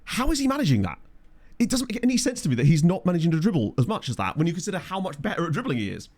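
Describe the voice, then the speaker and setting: Male streamer, quick lively delivery, jokey game commentary. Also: on the high side. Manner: chatty, jokey, reads game stats aloud. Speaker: streamer playing a management game. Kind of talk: casual live-stream chat.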